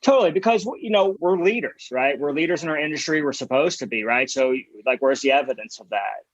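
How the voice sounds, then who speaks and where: A man's voice: fairly high pitch, fairly quick, no echo, dull audio. A man talking as a podcast guest in a casual interview, emphatic and openly contrarian in his views. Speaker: podcast guest, design firm founder.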